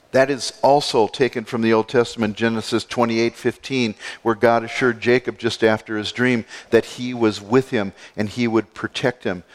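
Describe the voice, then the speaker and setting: A male pastor preaching a sermon, expressive, moving between soft, low passages and emphatic lifts. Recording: long hall reverb.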